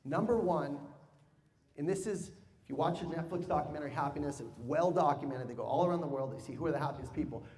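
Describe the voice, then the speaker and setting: A man telling a personal story as a sales speaker to a live audience, animated and humorous, drawing answers from the crowd. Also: fairly high pitch, quick pace. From United States. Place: large hall with audience. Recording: long hall reverb.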